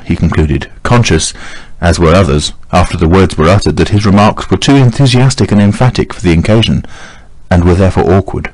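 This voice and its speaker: Deep-voiced man reading an audiobook. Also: a little fast, darkish tone, dry recording, poor audio. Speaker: audiobook reader. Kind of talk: scripted narration.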